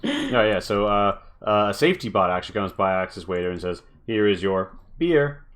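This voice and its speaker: Deep-voiced laid-back male game master. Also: very animated, quick pace, a bit bright. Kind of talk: casual tabletop game narration.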